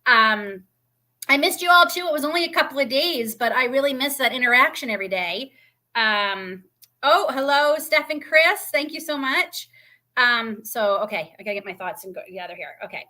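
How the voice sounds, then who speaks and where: Bright-voiced woman chatting live. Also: high voice, animated, normal speed. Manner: emotional, grateful, rambling with fillers. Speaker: homestead channel host. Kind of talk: casual livestream chat to viewers. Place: indoors by a fireplace.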